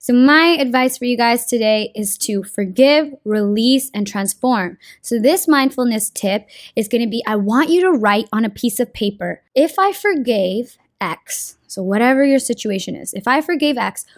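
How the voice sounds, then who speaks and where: A woman's voice: fairly high pitch, normal speed, few pauses, no room sound, studio quality. A young woman talking casually and earnestly about a card of the day, with slang and swearing. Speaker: card reading vlogger. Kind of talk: casual spiritual advice monologue.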